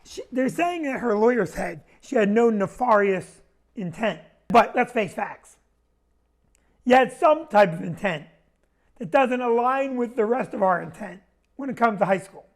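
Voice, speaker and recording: A man hosting a comedy talk show, ranting with animated indignation and quick asides. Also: high voice. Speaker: comedian host.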